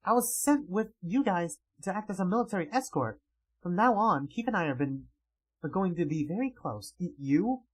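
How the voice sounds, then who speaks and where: A manic, unhinged female soldier, as a man puts her on while reading a comic aloud. She teases in a singsong way, her voice raised high and bouncing all over. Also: expressive, normal speed, breathy edge. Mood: possessive taunting.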